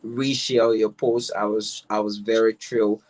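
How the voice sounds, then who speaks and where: A man's voice: on the low side, flat delivery, unhurried, rough recording. Liberian man hosting a chatty talk show. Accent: Liberian English. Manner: friendly, teasing, repeats words. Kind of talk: casual interview chat.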